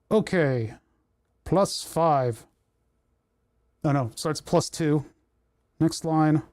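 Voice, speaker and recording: The recording is clean and studio-like, with no room sound, capturing a man's fairly high, darkish voice on a desk mic. He hosts a casual livestream from his home workshop, wandering from thought to thought and talking to himself while he works through menus.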